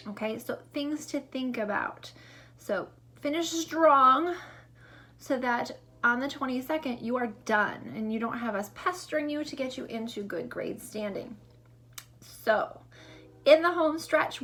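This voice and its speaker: A woman teacher recording a distance-learning lesson for young students, deliberate and encouraging with gentle teasing. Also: a little high.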